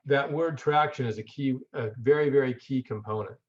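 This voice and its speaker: A man lectures in an easygoing, conversational manner, repeating words as he thinks and asking the audience rhetorical questions. His voice sits at an ordinary middle pitch. The recording is a bit dull and lo-fi. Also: moderate pace. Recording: dull lo-fi audio.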